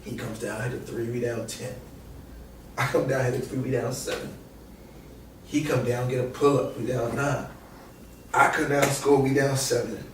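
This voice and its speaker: A young man, a podcast guest telling an animated, slangy, profane story and acting out quotes. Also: medium pitch, moderate pace, pauses often. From New York. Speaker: podcast guest, former college basketball player. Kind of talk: casual storytelling. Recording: echoey room, distant mic, faint noise.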